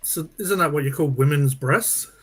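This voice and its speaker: A man hosting a live-stream chat with a slightly high voice. He rambles and cracks crude jokes in a loose, easygoing way. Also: normal speed, husky. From Australia. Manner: joking, rambling, crude humor. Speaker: host.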